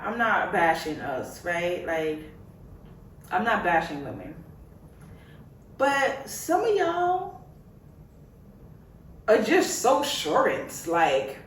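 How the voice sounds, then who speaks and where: A young woman hosting her own podcast, ranting in a lively, opinionated way and laughing often. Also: mid-range voice, far from the mic, slight background noise. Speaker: podcast host. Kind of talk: casual opinionated monologue. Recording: echoey room, off-mic.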